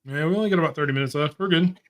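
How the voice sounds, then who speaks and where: A man's voice: on the high side, racing, fairly bright tone. A man co-hosting a podcast, chatting in an easygoing, self-deprecating way over a home video-call mic. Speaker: podcast co-host. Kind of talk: casual chat over a watch-along.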